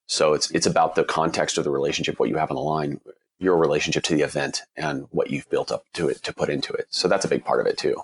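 Very deep-voiced man, slightly husky. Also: steady tone, quick pace. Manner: earnest, candid, with frequent restarts. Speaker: guest, endurance cyclist. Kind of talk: reflective interview answers.

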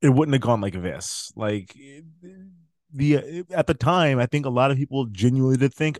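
A man's voice: medium pitch, moderate pace, darkish tone, no echo, clean studio sound. A man co-hosting a casual film chat, joking and riffing. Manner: joking, riffs on others' lines. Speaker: podcast co-host.

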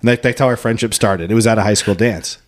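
A young man co-hosting a casual podcast chat, telling animated anecdotes and laughing through them. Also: lowish voice, fast. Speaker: podcast co-host.

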